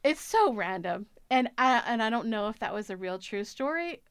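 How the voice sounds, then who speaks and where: A woman's voice: on the high side, expressive, normal speed, clear, resonant tone. A woman co-hosting a film club podcast, talking casually about a movie in a rambling way full of likes and restarts.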